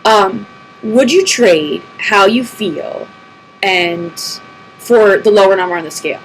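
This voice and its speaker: A woman's voice: medium pitch, slow pace, a little hiss or hum, rough recording. Chatty woman vlogging at home. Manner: chatty and rambling, laughs often. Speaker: vlogger answering viewer questions. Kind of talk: casual chat to camera. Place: empty house, alone at a computer. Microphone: computer mic.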